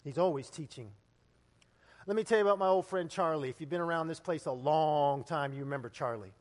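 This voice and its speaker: A pastor preaches in a high, bright-toned voice that rings out with a long reverb tail. He tells stories in a conversational way, then climbs to loud, emphatic peaks. The sound is that of a church sanctuary. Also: fairly quick. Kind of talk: sermon.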